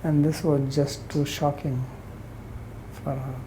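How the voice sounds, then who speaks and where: A woman's voice: low voice, flat delivery, slow, mellow, a little hiss or hum, rough recording. A woman teaching a scripture lecture, retelling the story in plain words and quoting its characters.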